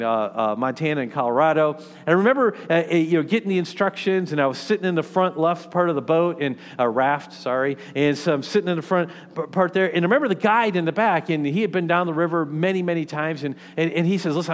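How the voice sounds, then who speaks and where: Fairly high-voiced preacher man, hall echo. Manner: conversational, often checks in with "okay?" and "right?"; frequent restarts and repeated words. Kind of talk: sermon. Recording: long hall reverb.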